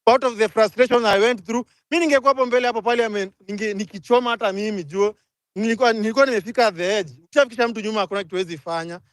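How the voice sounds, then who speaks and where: Angry fast-talking Kenyan man. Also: sits high, no room sound. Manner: angry, rapid code-switching rant. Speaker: speaker in a live audio room. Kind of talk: impassioned live chat.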